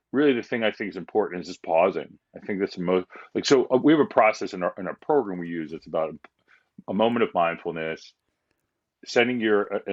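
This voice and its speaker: A man's voice: low-pitched, dull audio. A man talking as a guest on a podcast, speaking candidly and rambling with frequent fillers and restarts. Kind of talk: casual conversation.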